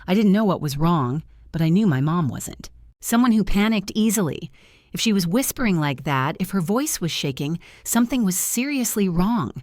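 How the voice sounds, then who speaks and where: A woman's voice: on the low side, lively intonation, normal speed, a little mellow, no room sound, studio quality. A woman narrating a first-person revenge story in an earnest, dramatic scripted style.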